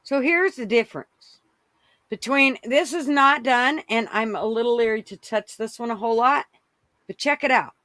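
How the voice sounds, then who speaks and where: A woman's voice: a little high, normal speed, sharp tone, no echo. A woman chatting casually as a guest on a live stream, eagerly showing and explaining her work. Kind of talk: casual show-and-tell.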